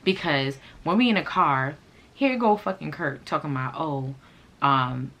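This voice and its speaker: A young woman telling a storytime vlog story in a brash, profane way, swinging into loud, animated outbursts. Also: low voice, a little slow. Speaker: storyteller vlogger. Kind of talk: casual storytime rant.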